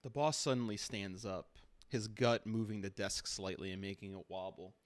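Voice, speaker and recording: A man's voice: on the low side, fairly even intonation, moderate pace, no room sound. A man hosting a stream, improvising a second-person story in a dry, playful way.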